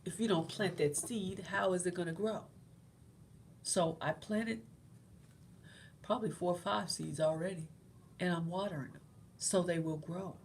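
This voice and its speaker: A woman's voice: sits low, a little hiss or hum. A middle-aged woman hosting her own channel, talking casually and encouragingly about faith to her viewers and often repeating her points. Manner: conversational and encouraging, repeats phrases. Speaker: host.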